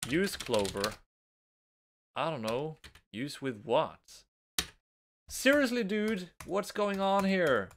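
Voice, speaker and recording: A slight hiss or hum sits under this young man's medium-pitched, somewhat bright voice. A native Norwegian speaker with a matching accent, he plays a game for a let's play, casually remarking on it and reading its text with nervous giggles.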